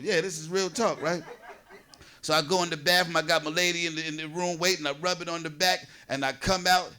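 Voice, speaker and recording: A man's voice: a little high, steady tone, fairly quick, sharp tone. A man in his forties from New Jersey doing a loose, conversational stand-up set, riffing with the audience on a comedy stage. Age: 40s.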